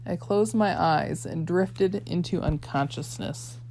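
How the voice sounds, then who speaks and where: A woman narrating a novel aloud in a measured storytelling way. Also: on the low side, gravelly, dark tone, a little hiss or hum. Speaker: audiobook reader. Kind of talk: scripted audiobook narration.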